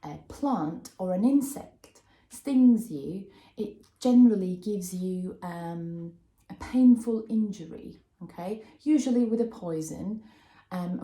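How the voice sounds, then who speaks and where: A woman's voice: on the low side, dark tone. A young woman teaching a vocabulary lesson, explaining patiently and checking in with "okay?". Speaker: English teacher. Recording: roomy echo.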